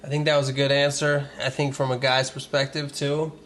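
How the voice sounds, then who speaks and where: A man's voice: mid-range voice, little pitch movement, fairly bright tone, a little hiss or hum. A man hosting a casual podcast, joking crudely and riffing on silly scenarios. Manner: crude, joking, quick to riff. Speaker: podcast host.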